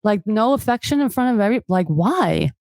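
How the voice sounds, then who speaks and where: A woman's voice: medium pitch, expressive, fairly quick, darkish tone, no room sound. A woman of Albanian background, a podcast guest chatting casually and bluntly, swearing often and acting out what others say. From Albanian family background. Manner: blunt, profane, acts out quotes.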